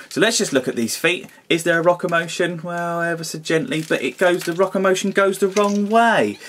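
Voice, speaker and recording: A man's voice: medium pitch, background noise. A man giving a casual hands-on toy review, grumbling and exasperated, with mild swearing.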